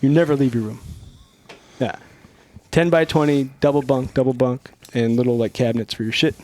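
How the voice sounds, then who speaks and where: A middle-aged man from Northern California, a podcast guest telling stories in a casual, profane, animated way and acting out the quotes. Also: mid-range voice, brisk. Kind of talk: casual storytelling.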